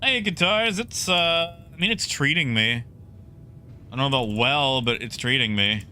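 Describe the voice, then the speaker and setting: Male game streamer, excitable and chatty, bright voice, mid pitch. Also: moderate pace, slight background noise. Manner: excitable, talks to chat, repeats himself. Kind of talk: live gameplay commentary.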